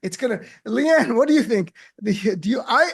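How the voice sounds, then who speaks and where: A high-pitched male radio host leads a comic panel in a studio. He is animated and teasing, and he keeps acting out the lines he quotes. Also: moderate pace, vocal fry, husky. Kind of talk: comedic panel chat. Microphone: studio mic.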